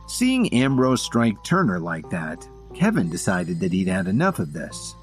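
A man narrating a scripted story in an even storytelling delivery. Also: deep voice, measured pace, few pauses, faint music behind.

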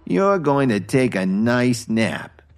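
A man's voice: mid-range voice, big pitch swings, takes it slowly, soft background music, voice pushed up. A man voicing a cruel, sneering male gang boss in a story reading. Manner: snarling, scoffing.

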